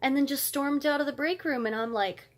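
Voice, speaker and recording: A woman's voice: high-pitched, a little fast. A woman vlogger telling a story as a casual rant, fired up and blunt, with cursing.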